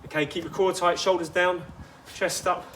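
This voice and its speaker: Male fitness coach, higher voice, chatty instructive delivery with asides, outdoor take with light ambience. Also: flat delivery, normal speed, fairly bright tone, a little hiss or hum. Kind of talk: guided workout instruction.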